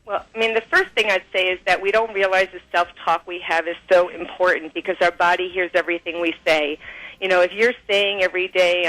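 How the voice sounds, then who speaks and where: A woman guest on an interview show, explaining her ideas in a lively way, acting out quoted voices and laughing often, heard over a phone line. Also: fairly low pitch, fairly quick. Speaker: author and guest. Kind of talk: interview, explaining and telling stories.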